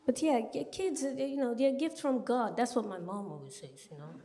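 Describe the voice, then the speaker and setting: A woman performs stand-up on a comedy club stage, her voice sitting a little high. She talks in a punchy, chatty way and keeps turning to the audience with quick asides. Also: mellow. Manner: punchy, chatty delivery with frequent asides to the crowd.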